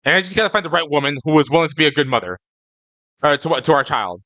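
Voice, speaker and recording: A young man chats with his live-stream viewers in a loose, rambling way, stumbling over his words and checking in with "okay?". His voice sits a bit high and has a bright, forceful edge. The sound is close and dry. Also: lively intonation, quick pace, dry recording. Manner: rambling and stammering, tags lines with "okay?".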